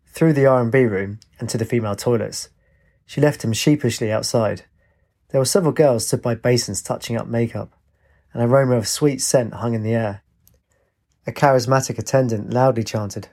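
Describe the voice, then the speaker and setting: A man narrating a story aloud at a steady, even pace. His tone is mellow and warm, without sharp edges. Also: mid-range voice, normal speed. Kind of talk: storytelling reading.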